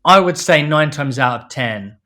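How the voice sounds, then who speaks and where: A man's voice: fairly high pitch, lively intonation, normal speed, bright, forceful tone. A man from London, a film director, talking casually as a podcast guest, full of "you know" fillers and acted-out quotes. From London, England. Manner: chatty, many fillers, acts out quoted speech.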